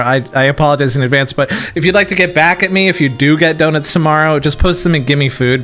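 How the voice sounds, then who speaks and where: A man hosting a stream, chatting casually with his co-host and reading out chat messages, laughing often. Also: a little high. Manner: giggly, animated, reads out chat messages.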